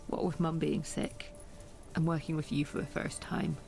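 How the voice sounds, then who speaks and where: Brief: anxious young woman, gravelly fry, soft game dialogue. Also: low-pitched, flat delivery, moderate pace, faint music behind. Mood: wistful. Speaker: game character. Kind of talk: video game voice acting.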